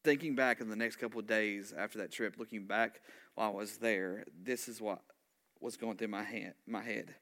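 A man's voice: lowish voice, normal speed. Chatty man preaching a story. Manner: animated, conversational, many fillers and asides. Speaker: pastor. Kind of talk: sermon storytelling.

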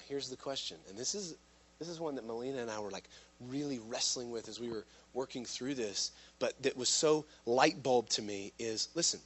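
A man preaching a sermon to a live room, impassioned, swinging from loud urgent lines to hushed ones. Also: mid-range voice, slightly rough. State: out of breath at times. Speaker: pastor.

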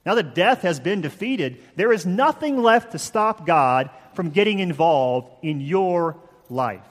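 Male pastor preaching, slightly high voice, slow emphatic pauses, echoey big hall. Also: lively intonation. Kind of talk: sermon.

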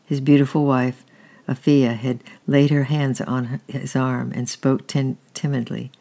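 A storyteller reading a historical tale aloud at an unhurried, steady pace, with a few slips. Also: medium pitch, vocal fry.

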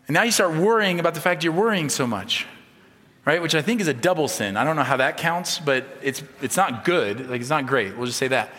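A man's voice: on the high side, expressive, brisk. Man preaching in an echoing hall. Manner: conversational, humorous, swings from soft to emphatic. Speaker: pastor. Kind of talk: sermon. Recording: long reverb of a large hall.

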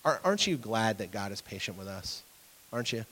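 A man's voice: lowish voice, sing-song, brisk, fairly bright tone. A man in his thirties preaching a conversational sermon, asking his listeners questions and acting out voices in his stories. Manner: conversational, asks the audience questions; acts out voices in anecdotes. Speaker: pastor. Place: church hall with an audience. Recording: long reverb of a hall.

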